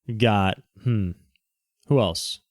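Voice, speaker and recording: A man hosting a live stream, chatting casually and rambling through quick asides to his viewers. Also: lowish voice, no room sound, clean studio sound. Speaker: livestream host. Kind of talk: casual livestream chat.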